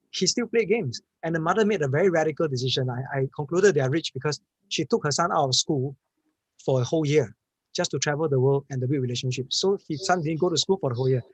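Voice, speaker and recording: A man's voice: fairly high pitch, slightly rough, no room sound. A man, a panel speaker giving an earnest, emphatic storytelling answer and often restarting his words.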